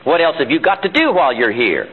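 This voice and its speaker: Animated man on tinny seminar tape. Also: on the high side, quick pace, husky. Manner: emphatic, full of rhetorical questions. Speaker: motivational seminar speaker. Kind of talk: live seminar talk. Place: seminar room.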